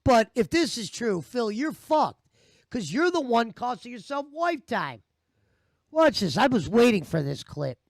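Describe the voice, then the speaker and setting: A man with a strikingly high voice rants in heated, profane bursts, mocking the clips he reacts to. The sound is dry and close, with no room around it. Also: big pitch swings, measured pace, no room sound. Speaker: commentary host. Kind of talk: ranting commentary over stream clips.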